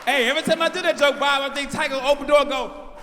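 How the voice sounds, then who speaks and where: A man in his forties doing brash live stand-up with crowd work, shouting out his punchlines. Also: extremely high pitch, fast, slight background noise. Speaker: stand-up comedian. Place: large live venue on stage. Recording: live house mix with long hall reverb.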